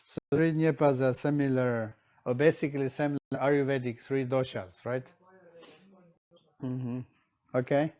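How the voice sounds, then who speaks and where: A man's voice: mid-range voice, fairly even intonation, unhurried, a little mellow. A man teaching a class on Tibetan medicine, often checking in with his students and acting out their excuses. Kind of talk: lecture to a class.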